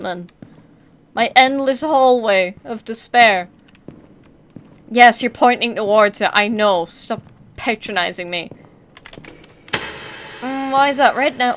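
A woman's voice: fairly high pitch, a bit bright. A woman commenting on a horror game as she plays, chatty and sarcastic, talking back to the mannequins and jumping at scares. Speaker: gameplay streamer.

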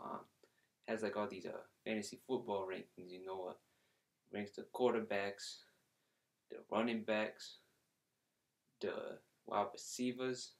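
A man voicing a brash, rich male football fan with a put-on New York accent, boasting and brushing people off during a comedy phone-call skit. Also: lowish voice. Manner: boastful, dismissive, rambling with fillers.

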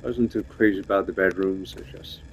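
Low-voiced man muttering wry game commentary. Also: fairly even intonation, moderate pace, slight background noise. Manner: dry, wry and muttering to himself. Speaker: gameplay video creator. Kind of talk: casual gameplay commentary.

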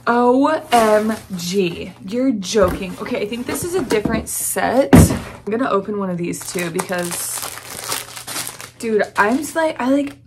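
Slow-talking, gushing young Southern woman. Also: mid-range voice, very noisy. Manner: gushing, gasping, breathless excitement. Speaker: vlogger. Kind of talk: unboxing vlog.

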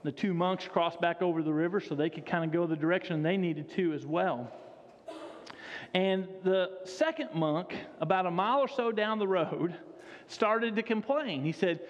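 Casting: high-voiced emphatic male pastor, sermon in a reverberant church, dull recording. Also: expressive, moderate pace. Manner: emphatic, repeats key phrases. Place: church sanctuary. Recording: dull sound with long hall reverb.

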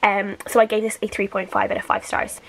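A woman's voice: medium pitch, flat delivery, fairly quick, gravelly, a bit bright. A woman giving a casual weekly book wrap-up, chatting in a rambling way with many filler words. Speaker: book reviewer.

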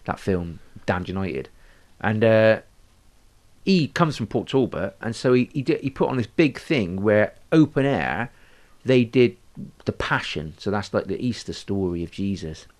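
A man's voice: fairly low pitch, expressive, unhurried. A man co-hosting a podcast, telling a rambling story in casual chat. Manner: rambling, hesitant, lots of fillers and restarts. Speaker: podcast co-host.

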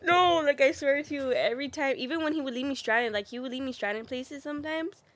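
A woman's voice: sits high, fairly quick, fairly bright tone, no room sound. A young woman guest on a podcast, candidly telling personal stories in casual chat and filling her talk with "like". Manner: candid storytelling, heavy filler "like".

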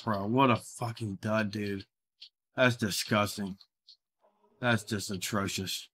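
A man's voice: mid-range voice, pushed and bright. A man live-streaming his gambling, talking constantly in a profane voice that swings between begging the game and cursing at it. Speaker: livestreamer.

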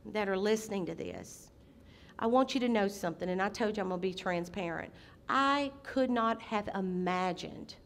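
A middle-aged woman preaching a sermon as senior pastor, impassioned, with sudden loud outbursts. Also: medium pitch, a little hiss or hum.

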